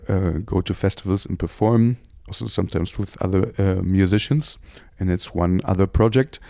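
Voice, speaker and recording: A man's voice: lowish voice, gravelly, mellow, dry recording, studio quality. A man with a German accent answering interview questions in a thoughtful, hesitant way, with many fillers. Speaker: interviewee, composer. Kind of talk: reflective interview.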